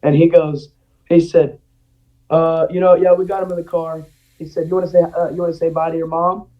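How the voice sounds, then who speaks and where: A man's voice: fairly high pitch, brisk. Young man telling a story, lo-fi sound. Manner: animated, acts out quotes. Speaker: guest. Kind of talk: casual storytelling. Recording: dull lo-fi audio.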